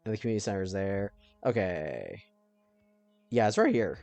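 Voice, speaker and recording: A man giving casual let's-play commentary, thinking aloud and now and then breaking into panicked yelling. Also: on the low side, very animated, normal speed, dry recording, faint music behind.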